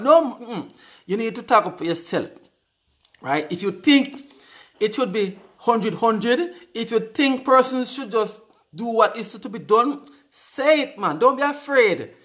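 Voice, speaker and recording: A man's voice: high-pitched, fairly bright tone. A Jamaican man in his forties hosting a casual live stream, reading viewer comments aloud and answering them in an upbeat, chatty way, often repeating words. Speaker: live show host.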